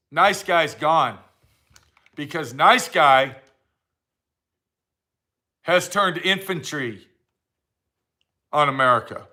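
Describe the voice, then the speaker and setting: High-voiced man on a slow, blunt rant. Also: sharp tone. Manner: blunt, heated and repetitive. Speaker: vlogger. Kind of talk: ranting monologue to camera.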